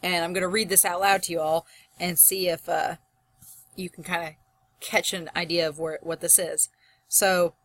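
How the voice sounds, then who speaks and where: A young woman teaching a college English class in a recorded lecture, chatty and rambling with animated asides. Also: fairly low pitch, moderate pace, no echo.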